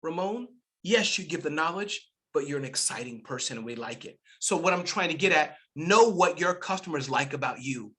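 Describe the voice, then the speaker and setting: A middle-aged man giving an energetic webinar talk, exclamatory and animated, swinging between loud bursts and soft asides. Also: fairly high pitch, normal speed, hardly any pauses. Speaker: guest speaker.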